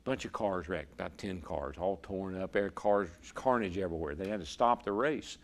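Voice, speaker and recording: Ex-racer, low-pitched, spins a long story for the interviewer, stumbling over words now and then. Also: male voice, normal speed. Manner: vivid storyteller, repeats words when emotional. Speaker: interview guest, former racer turned broadcaster. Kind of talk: storytelling in a conversation.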